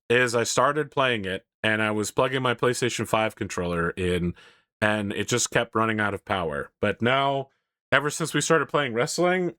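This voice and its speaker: A man hosting a casual podcast chat, animated, laughing often and swearing freely. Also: mid-range voice, dry recording, studio quality. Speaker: podcast host.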